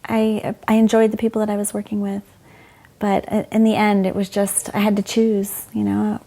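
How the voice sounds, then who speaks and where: Mellow, gravelly woman telling her story. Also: medium pitch, completely flat delivery, moderate pace. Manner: frank, emotional, quotes people in dialogue. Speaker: interview guest, former doctor. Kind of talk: candid conversational storytelling.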